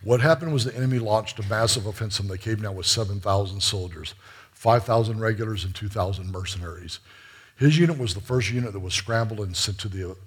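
Middle-aged guy preaching, kinda husky, earnest storytelling, calls everyone guys. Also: on the low side. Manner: earnest, addresses listeners as guys. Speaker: preacher and missionary. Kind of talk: sermon storytelling.

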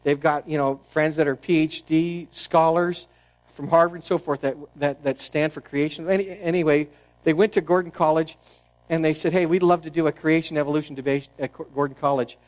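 A man's voice: fairly high pitch, fairly even intonation, fairly quick, rough recording. Earnest man preaching a sermon. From New England, United States. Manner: earnest preaching with restarts and sudden drops to a hushed tone. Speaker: pastor.

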